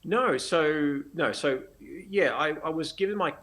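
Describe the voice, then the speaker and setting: A man with an Australian accent tells stories as a podcast guest, animated and quick to laugh. His voice sits a little high and rings bright and forceful, in a casual interview. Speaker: guest photographer.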